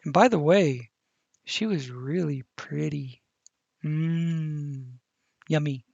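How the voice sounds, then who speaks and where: Slow-talking man rambling over gameplay. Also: a little high, expressive, creaky, a little mellow, breathy edge, dry recording, highs cut off. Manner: rambling, self-correcting, crude asides. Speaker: gaming channel host. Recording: game vehicle engine noise underneath.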